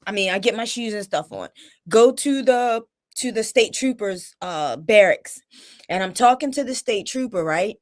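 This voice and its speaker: A woman's voice: medium pitch, lively intonation, moderate pace. A middle-aged woman hosting a live stream, telling a personal story in a dramatic, emotional way, full of restarts and tag questions, picked up by a phone or webcam. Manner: dramatic, reliving the moment.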